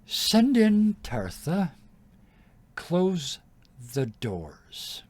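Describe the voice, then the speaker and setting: A man's voice: sits high, huge pitch swings, drawn-out words, a little mellow, breathy edge, voice pushed up, full character voice. A man voicing a cold, regal noblewoman giant who gives clipped, imperious commands. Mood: commanding.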